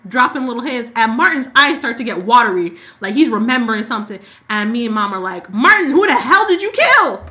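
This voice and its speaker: A woman co-hosting a podcast, casually recapping a soap opera and acting out the characters' lines in quick, sassy asides. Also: fairly high pitch. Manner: animated storyteller who acts out characters' lines. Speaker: podcast co-host.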